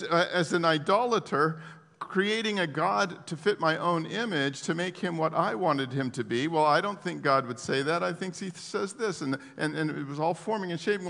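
A gravelly, slightly high-voiced man preaching a sermon, swinging from hushed lows to loud rising peaks as he questions the congregation and chuckles at his own asides. His voice rings out with a long reverb, as though it fills a church sanctuary.

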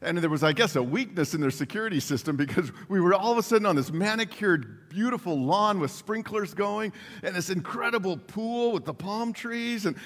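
A man delivers a sermon like a story, bouncing between his own retelling and acted-out quotes with frequent laughs. His voice sits a little high for a man. The sound carries a long reverb, as in a large hall. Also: a little fast. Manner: animated, acts out quotes, laughs often. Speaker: preacher.

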